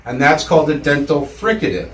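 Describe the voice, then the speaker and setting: A man's voice: on the high side, animated, brisk, a bit bright, slight background noise. A man giving a casual lecture to a room of listeners, chatty and full of fillers, getting the audience to repeat words aloud. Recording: echoey room, mic far off.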